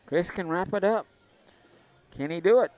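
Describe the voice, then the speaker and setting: A man with a drawl talks through a pool match on a live stream in a loose, joking way. His voice sits slightly higher than most men's. He keeps tossing shout-outs to the people watching. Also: moderate pace. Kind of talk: casual live commentary.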